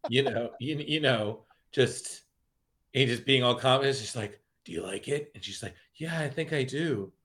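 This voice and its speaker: A man's voice: medium pitch, normal speed, a bit bright. A man co-hosting a casual podcast, rambling through a horror comic with lots of fillers and restarts, acting out lines as he goes. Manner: rambling, many restarts and fillers, acts out quotes. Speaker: podcast co-host. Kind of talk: casual comic book review chat.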